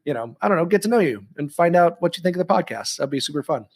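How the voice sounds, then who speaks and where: A man's voice: a little high, expressive, quick pace. A man co-hosting a casual podcast, rambling and chatty with lots of ums and restarts. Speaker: podcast co-host.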